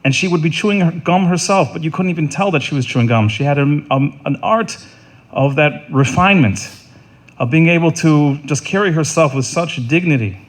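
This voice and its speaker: A middle-aged man delivering a funeral eulogy in an earnest, halting way, often repeating words and restarting. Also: on the high side. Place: funeral service.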